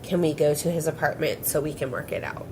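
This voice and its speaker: A woman's voice: low voice, fairly even intonation, fairly quick, darkish tone, slight background noise, poor audio. A young woman hosting a podcast, telling a rambling story in casual chat, swearing and giggling often. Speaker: podcast host.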